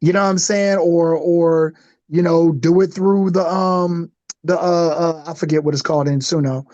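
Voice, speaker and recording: Podcast co-host, male, high-pitched, loose and rambling, muffled dry recording. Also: fairly even intonation, moderate pace, a little mellow, dry recording. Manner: rambling, full of fillers like "you know what I'm saying". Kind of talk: casual chat.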